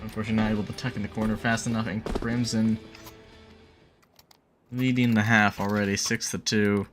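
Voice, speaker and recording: An esports caster calls a college final play by play, speaking fairly quickly with a low voice that jumps up sharply on big plays. Faint music plays behind him, along with game gunfire and clicks.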